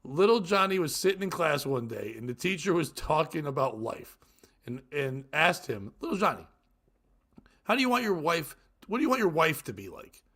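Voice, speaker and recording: Man, high lively pitch, gravelly husky tone, comedy podcast host, cackling. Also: moderate pace. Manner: cackling laughs, reads jokes aloud. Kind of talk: crude comedy podcast banter.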